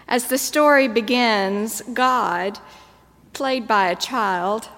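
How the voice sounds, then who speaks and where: A woman preacher delivering a sermon in a measured, storytelling manner. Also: a little high, a bit bright. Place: church. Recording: long church reverb.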